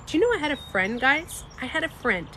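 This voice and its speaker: Animated woman ranting to viewers. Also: sits high, brisk, a little hiss or hum. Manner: animated, emphatic, swears and laughs often. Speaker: beauty coach and vlogger. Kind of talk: casual live-stream talk to viewers.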